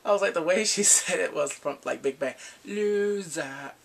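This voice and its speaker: A man casually recapping drama episodes, animated and laughing often, acting out the characters' lines. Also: a little high, a little fast, vocal fry, husky. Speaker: drama reviewer.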